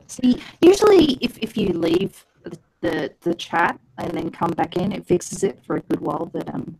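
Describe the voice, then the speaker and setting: A woman's voice: lowish voice, lively intonation, a little slow, creaky, dark tone, breathy edge, low-quality recording. A woman hosting a casual livestream, chatty and giggly, reading viewer messages aloud. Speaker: livestream host.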